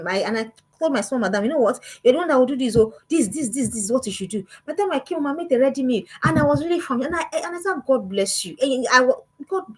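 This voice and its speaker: A woman's voice: high voice, breathy edge, poor audio. A woman, giving an emphatic motivational talk to parents as a parenting coach and firing off repeated words and rhetorical questions.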